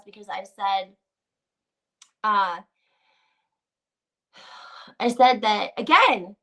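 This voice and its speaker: A woman hosting a gossip livestream, chatting casually and reading out viewer comments in an animated, opinionated way. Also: fairly high pitch. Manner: animated, gossipy, many "like"s and restarts.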